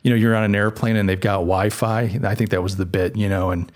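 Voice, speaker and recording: A man's voice: lowish voice, fairly even intonation, fairly quick. A middle-aged man hosting a podcast, talking through his thoughts in a casual, reflective monologue with frequent fillers and restarts. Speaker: podcast host.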